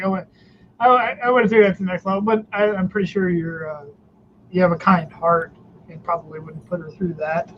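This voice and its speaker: A man's voice: high voice, steady tone, brisk. A man hosting a podcast, reacting with laughs and jokes in casual chat. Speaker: podcast host. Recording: dull lo-fi sound with faint hiss.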